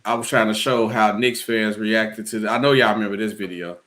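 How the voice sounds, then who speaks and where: A man's voice: fairly low pitch, steady tone, a little fast, fairly bright tone. A man hosting a casual sports chat with friends, laid-back and chatty, laughing often. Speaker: podcast host. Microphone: headphones on, live call setup.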